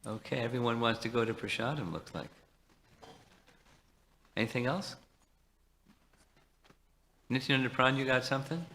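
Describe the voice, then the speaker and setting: Bright-voiced man teaching in a reverberant hall. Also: medium pitch, a little hiss or hum. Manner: measured explanation, quoting Sanskrit verses. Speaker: monk leading the class and taking questions. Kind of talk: devotional teaching and Q&A.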